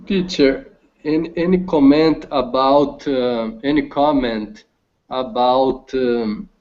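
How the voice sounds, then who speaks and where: A man student reading a text aloud in an English lesson, slowly and hesitantly with many restarts. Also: mid-range voice, darkish tone. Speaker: language student. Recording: dull lo-fi call audio.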